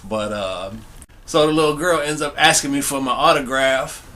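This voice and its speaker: Bright-voiced young man telling a story. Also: mid-range voice, moderate pace. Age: young adult. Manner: laid-back, slangy, talks straight to viewers. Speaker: vlogger. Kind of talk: casual storytelling to camera.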